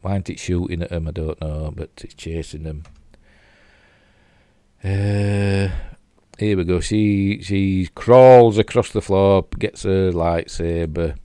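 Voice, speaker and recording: An older man with a Yorkshire accent speaks in a low, dark, clean voice, slow and fairly even, with no echo. He casually reviews a TV episode, replaying clips as he rambles along with fillers and self-mocking asides.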